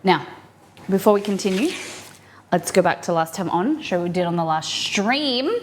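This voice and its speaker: A woman's voice: medium pitch, unhurried, a little hiss or hum. A woman, chatting upbeat to her viewers while she cooks in her home kitchen. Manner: chatty, upbeat, reacts to chat while cooking. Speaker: cooking streamer. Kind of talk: live cooking stream chat.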